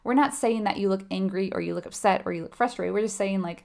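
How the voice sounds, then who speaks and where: A woman's voice: medium pitch, fast, vocal fry. A woman tutoring nursing students live, in a conversational way, asking her viewers questions and laughing lightly. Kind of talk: live online teaching.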